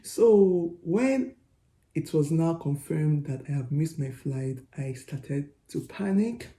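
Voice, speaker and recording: A woman's voice: low-pitched, expressive, takes it slowly, mellow, a little hiss or hum. A young woman, chatting to camera as she retells a travel story and quotes what people said to her. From Nigeria. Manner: chatty, retells events by quoting herself and others. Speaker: vlogger. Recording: roomy echo.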